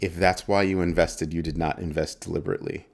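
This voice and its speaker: A man's voice: low-pitched, fairly even intonation, fast, creaky. A man hosting a casual crypto livestream, greeting viewers in chat by name and teasing them playfully. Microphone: desk microphone.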